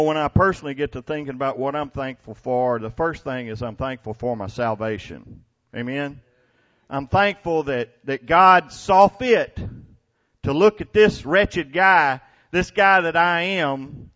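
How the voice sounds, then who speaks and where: Older man, pastor, folksy sermon storyteller, somewhat high voice, muffled lo-fi church recording. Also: a bit bright. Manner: folksy storytelling with laughs and stammered restarts. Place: church before a congregation.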